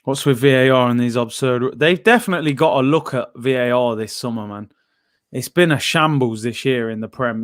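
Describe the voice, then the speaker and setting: A man's voice: mid-range voice, clear, resonant tone, dry recording, studio quality. A man hosting a live football watchalong, chatting casually in slang and reading out chat messages.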